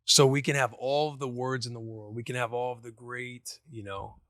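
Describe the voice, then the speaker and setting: A man in his thirties talks in a casual podcast chat, earnest and a little rambling, circling back and restarting his sentences as he works out a point. His pitch sits in an ordinary middle range, and the sound is dry and close, with no room around it. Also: steady tone, normal speed, a bit bright, dry recording. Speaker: podcast co-host.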